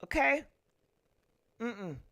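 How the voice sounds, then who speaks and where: Bright-voiced irritated woman streamer. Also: fairly high pitch, big pitch swings. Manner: irritated, venting, thanks donors by name; profane, drawn-out thank-yous. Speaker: YouTube livestream host. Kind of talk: casual livestream chat.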